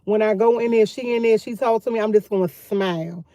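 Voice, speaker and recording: Live-streaming outdoors from her phone, a woman vlogger chats candidly with viewers, talking freely and repeating herself. Her voice is medium-pitched, brisk and mellow, with no echo.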